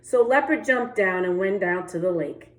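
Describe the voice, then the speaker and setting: Reading a picture book to children, this teacher voices every animal differently and asks the kids to join in a sung refrain. She speaks at medium pitch and normal speed in an echoey room, with faint music in the background.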